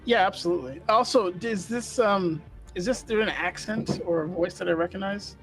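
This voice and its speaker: A woman's voice: mid-range voice, moderate pace, faint music behind, poor audio. A woman playing in a tabletop game, chatting casually and arguing her rolls. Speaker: player.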